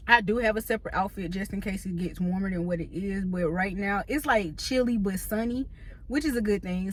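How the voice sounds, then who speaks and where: A woman in her thirties telling a story in a casual, slangy, animated vlog, talking from a parked car. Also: medium pitch, slight background noise. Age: 30s. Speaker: vlogger. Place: parked car in a store parking lot.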